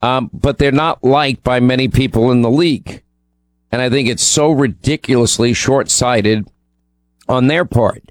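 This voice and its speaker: A man's voice: mid-range voice, a little slow, no room sound. A man from New York co-hosting a talk radio show, rambling casually through ad reads and news with many ums and restarts. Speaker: radio co-host. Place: radio studio.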